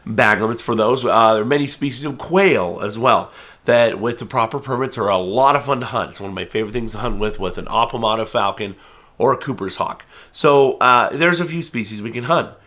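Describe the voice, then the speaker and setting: A man's voice: medium pitch, brisk, fairly bright tone. A man from the United States, a falconer, explaining hunting rules in an earnest, conversational way and now and then acting out what others might say. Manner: earnest, conversational, acts out quoted voices. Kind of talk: casual explanatory talk to camera.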